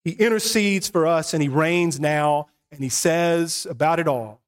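Man, pastor, sermon, high voice, earnest, soft-to-emphatic. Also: unhurried, few pauses.

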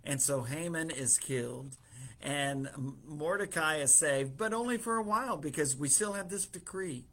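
A man with a slightly raised pitch preaches in a relaxed way. He retells a story scene by scene and slips into quoted dialogue, with filler words and small chuckles along the way. It sounds like a casual sermon. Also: normal speed.

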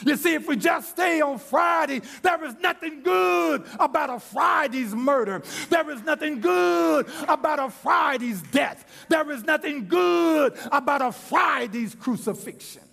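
A man preaching a sermon in an impassioned, shouting delivery. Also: extremely high pitch, lively intonation, a little slow, creaky, hardly any pauses.

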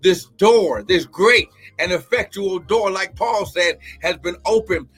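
A man's voice: sits high, measured pace, husky. Fervent, whooping preacher man. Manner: fervent, shouts and whoops, speaks in tongues. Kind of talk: charismatic live-stream sermon and prayer.

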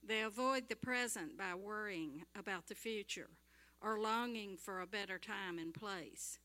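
A woman slowly reading scripture and a devotional passage aloud in a church. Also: medium pitch, pushed and bright. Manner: slow, measured reading aloud.

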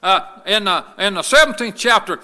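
Male pastor, bright and high-pitched, fervent sermon delivery, reverberant church sanctuary. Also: expressive, moderate pace. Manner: rising to an impassioned preaching cadence, with many "uh" fillers. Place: church sanctuary, broadcast service. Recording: long reverb of a church hall.

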